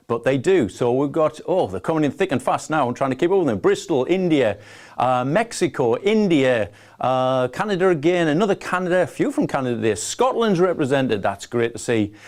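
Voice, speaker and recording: A man's voice: medium pitch, a little mellow. Chatty northeast English man hosting a webinar. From northeast England. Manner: chatty, enthusiastic, reads out viewer locations. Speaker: webinar host. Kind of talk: live webinar presentation. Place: home office.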